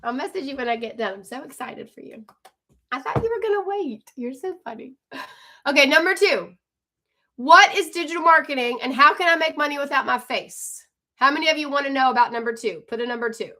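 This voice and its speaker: A woman hosts a live stream with a high, bright voice. She talks fast and chatty, calls out to viewers by name, and pitches her coaching program. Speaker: livestream host and online coach.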